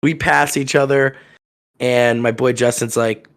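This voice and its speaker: A young man from telling a rowdy story on a podcast, acting out the people in it with loud raised voices. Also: mid-range voice, a little slow. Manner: animated, acts out quotes with loud raised voices. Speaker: podcast guest telling stories. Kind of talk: casual storytelling.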